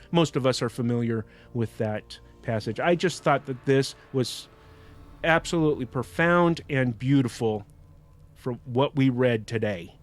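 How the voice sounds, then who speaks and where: Slow-talking man hosting a book podcast. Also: mid-range voice. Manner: retells and reflects with frequent restarts. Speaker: podcast host. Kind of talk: casual reflective commentary on a book.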